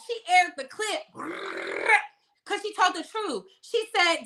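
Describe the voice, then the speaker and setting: A woman's voice: very high-pitched, animated, slow pace, pauses often, sharp tone. A young woman hosting a celebrity gossip channel, giving sassy, emphatic commentary and drawing out words for effect.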